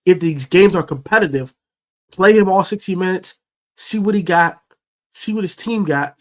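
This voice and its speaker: A man giving casual fan commentary on his team, talking in an animated, slangy way. His voice sits a little high for a man, and he gets heated as he argues his point. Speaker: sports podcast host.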